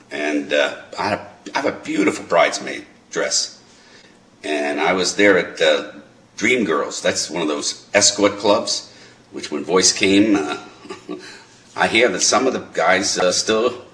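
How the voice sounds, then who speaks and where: A man's voice: low voice, fairly bright tone. A middle-aged man doing rambling stand-up to a live crowd over voice chat. He chats with the audience and laughs at his own jokes. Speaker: stand-up comedian.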